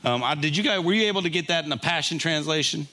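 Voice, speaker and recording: Older man, pastor, casual sermon, bright tone, slightly high pitch. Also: fast. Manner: conversational, laughing often, tag questions.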